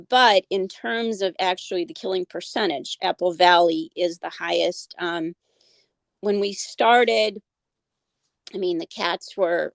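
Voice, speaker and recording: Earnest woman with a gravelly edge. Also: on the low side, dry recording. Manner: earnest, many fillers and restarts. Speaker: guest, animal advocate. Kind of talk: casual interview conversation.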